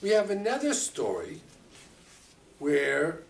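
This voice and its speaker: A rabbi teaching a Torah class, lively and expressive, acting out the quotes and mixing in Hebrew terms. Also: male voice, on the high side, slow pace, creaky. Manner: animated, acts out quotes, mixes Hebrew terms. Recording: distant mic with faint room ambience.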